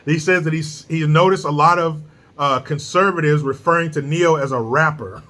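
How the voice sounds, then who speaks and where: Male commentary host, slightly high-pitched, bright and forceful, blunt and profane. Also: normal speed. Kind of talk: casual opinion commentary.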